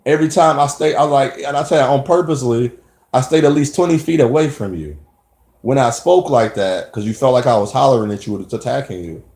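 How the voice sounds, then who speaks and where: A man's voice: medium pitch, lively intonation, brisk, a little mellow, roomy sound. A man talking emphatically in a rambling personal monologue, often restarting his sentences. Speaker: vlogger.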